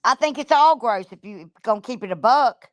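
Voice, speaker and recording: A woman's voice: a little high, lively intonation, normal speed, no room sound. Blunt, profane woman with a drawl. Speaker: streamer. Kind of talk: ranting livestream commentary.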